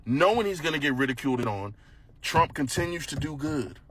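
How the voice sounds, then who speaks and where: A man's voice: a little high, expressive, fairly quick, crowd noise. A man ranting in a mocking, sarcastic tone as a political commentator.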